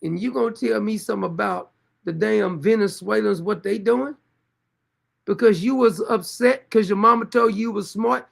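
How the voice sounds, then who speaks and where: A man hosting a commentary show, ranting in a blunt, taunting, profane way with a gravelly voice. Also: high voice, normal speed. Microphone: desktop mic for live streaming.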